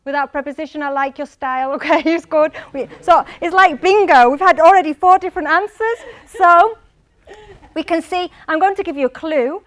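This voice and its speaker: A high, bright-toned woman with a Mancunian accent teaches pronunciation in a lecture hall. She is animated and talks straight to her class. She calls on people by name and has them repeat words back. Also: normal speed. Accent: Mancunian English. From England, Manchester. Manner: animated, quizzes the audience by name. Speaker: English teacher.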